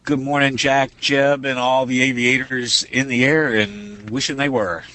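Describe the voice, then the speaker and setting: A man's voice: mid-range voice, fairly even intonation, measured pace, pushed and bright, slight background noise. A man with a Southern accent, a guest aviation editor, trading playful quips in a casual podcast chat. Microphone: remote call mic.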